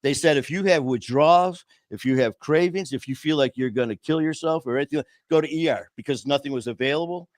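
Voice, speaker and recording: A man's voice: a little high, a little fast, few pauses, dry recording, studio quality. Man hosting a podcast, shares his story with earnest emotion, says "man" and "brother" often. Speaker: podcast host. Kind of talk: casual conversational storytelling.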